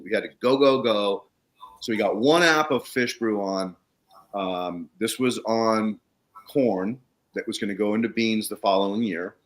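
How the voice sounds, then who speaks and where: A man's voice: lowish voice, fairly bright tone. A man guest telling stories in casual conversation, blunt and swearing freely. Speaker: guest, soil consultant.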